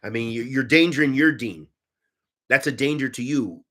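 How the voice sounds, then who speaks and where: A man teaching and answering religious questions in a conversational, animated way, often restarting his sentences. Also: medium pitch, moderate pace. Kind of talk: Q&A talk.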